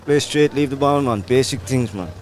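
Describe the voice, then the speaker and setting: A man's voice: medium pitch, moderate pace, a little hiss or hum, natural voice. A man putting on a West Indian accent, playing an easygoing cricket pro who ends his phrases with "man". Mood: advising. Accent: put-on West Indian. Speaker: club professional cricketer.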